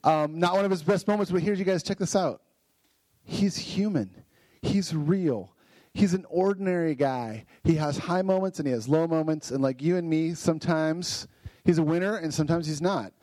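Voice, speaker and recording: A man preaching a casual Bible lesson, enthusiastic and chatty, often checking in with his listeners with a quick "right?". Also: on the high side, warm tone, no echo, rough recording. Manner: enthusiastic, frequent "right?" tag questions.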